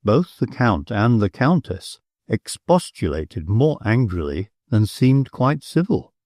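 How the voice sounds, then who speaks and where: A man narrating an audiobook in a measured, expressive storytelling manner on a close mic. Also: fairly low pitch, no room sound. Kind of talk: scripted narration.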